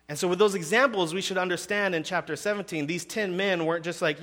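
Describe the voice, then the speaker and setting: A man's voice: fairly high pitch, normal speed, few pauses, bright, forceful tone. A man in seminary giving a conversational sermon with frequent fillers, in a reverberant hall. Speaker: seminary student preaching.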